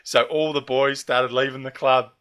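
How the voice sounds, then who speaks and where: A middle-aged man with an Australian accent, talking casually. He tells his anecdote with animation and breaks into laughter along the way. His voice sits in an ordinary middle pitch. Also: level tone, moderate pace, a bit bright, clean tone. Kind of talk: casual storytelling chat.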